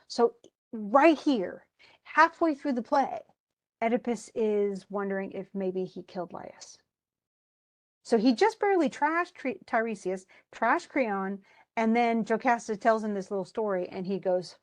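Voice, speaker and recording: A woman teaching a class, retelling a play in a lively, casual way with slangy asides. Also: on the high side, measured pace.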